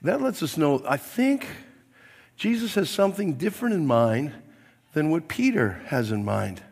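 A middle-aged man, a pastor, preaching a sermon to his congregation in a chatty, joking way, with a hoarse, coughing throat. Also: a little high, very animated, moderate pace, a little mellow. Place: church sanctuary. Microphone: mic at the pulpit, then a handheld mic. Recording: long hall reverb.

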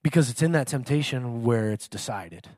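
A man's voice: medium pitch, animated, normal speed, darkish tone, no room sound, clean studio sound. A man preaching a casual sermon in a chatty, self-mocking way, laughing often.

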